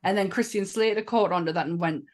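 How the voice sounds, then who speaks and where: A woman's voice: mid-range voice, quick pace. Chatty Northern English woman, swearing freely. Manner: enthusiastic, swears freely, laughs often. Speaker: podcast co-host. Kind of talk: casual chat.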